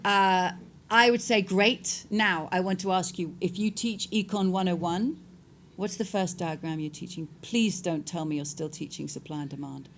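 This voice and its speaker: A woman's voice: on the low side, steady tone, moderate pace, few pauses, a little hiss or hum. A woman in her forties, an author answering questions in a public debate, speaking emphatically and rhetorically. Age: 40s. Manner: emphatic, rhetorical, acts out quoted voices.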